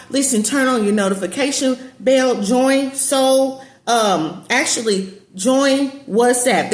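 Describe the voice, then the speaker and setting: Woman, casual emphatic preaching, mid pitch, roomy echo. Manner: emphatic, repetitive, addresses viewers as y'all. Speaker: spiritual teacher and online community leader.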